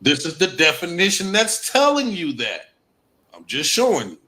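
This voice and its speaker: Male host, bright higher-pitched voice, emphatic, repeats points for viewers. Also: wildly swooping pitch, moderate pace. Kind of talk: casual live-stream talk.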